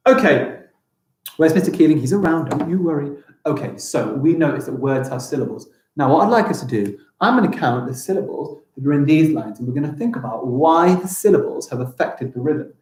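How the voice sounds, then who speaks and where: A young English man teaching a live-streamed primary school lesson, upbeat and encouraging, sounding out words slowly. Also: on the high side, a little mellow, reverberant, a little hiss or hum, rough recording.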